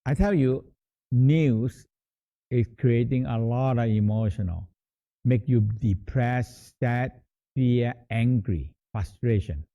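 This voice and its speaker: A man guiding a meditation practice in a halting, repetitive teaching manner, often restating words as he explains. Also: medium pitch. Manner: halting, repeats words, slow explanatory phrasing. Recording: tinny phone-like sound.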